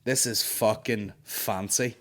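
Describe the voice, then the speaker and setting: Male comedy podcast host, lowish voice, exasperated sweary storyteller. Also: fairly even intonation, slow, fairly bright tone. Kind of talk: comic storytelling rant.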